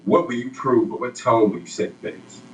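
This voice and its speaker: A man's voice: mid-range voice, a little fast, fairly bright tone, echoey room, lo-fi sound. A man interviewing a young athlete and reading upbeat questions from a script.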